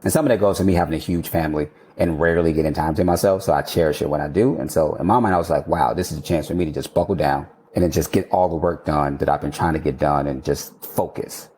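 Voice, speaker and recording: Deep-voiced man telling a lively story. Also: fast talker, few pauses. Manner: animated, laughing, swears casually. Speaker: architect guest. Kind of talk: casual interview storytelling.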